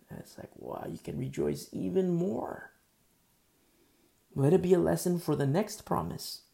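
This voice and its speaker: A man's voice: medium pitch, gravelly, warm tone. A man preaching a sermon in a conversational, folksy way, with asides and quoted lines. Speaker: pastor.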